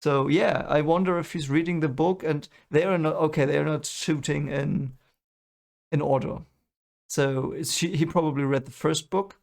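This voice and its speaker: A man's voice: a little high, fairly even intonation, moderate pace, creaky, darkish tone. A man hosting a movie reaction, rambling and correcting himself as he thinks aloud. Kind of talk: casual reaction commentary.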